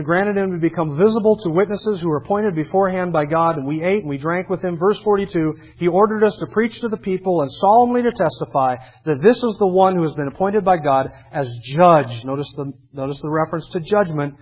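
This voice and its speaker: A man's voice: high voice, a little fast, hardly any pauses, breathy edge. A man preaching a sermon, emphatically reading scripture verses aloud and commenting on them between readings. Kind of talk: expository sermon. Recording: dull lo-fi sermon recording.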